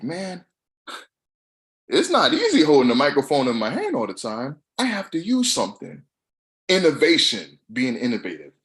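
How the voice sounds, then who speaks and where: A young adult man giving a motivational monologue, passionate and swinging from shouts to soft asides. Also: fairly low pitch. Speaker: motivational speaker.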